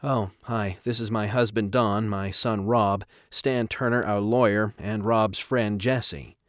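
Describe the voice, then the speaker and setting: A concerned middle-aged mother, read by a male narrator in his own low voice with little change. The delivery is plain and even. The recording is close and dry. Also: slow, no room sound.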